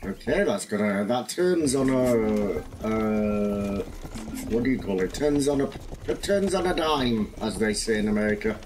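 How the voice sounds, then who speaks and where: A man's voice: fairly low pitch, lively intonation, measured pace, darkish tone, faint music behind. A man casually commenting as he plays a game, rambling and narrating his own moves. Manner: rambling, self-narrating play. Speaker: gaming video host.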